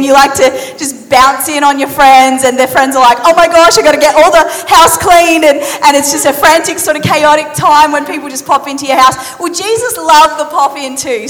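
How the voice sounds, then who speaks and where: A woman preacher giving a sermon in a lively, conversational, playful storytelling manner. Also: sits high. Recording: reverberant hall.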